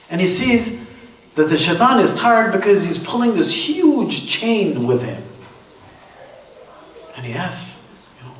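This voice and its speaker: A man's voice: on the high side, recorded from a distance, a little hiss or hum. A man giving a sermon at a religious gathering, talking in a casual, joking way while telling stories. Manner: conversational, joking storytelling. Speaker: religious speaker. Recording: roomy hall from afar.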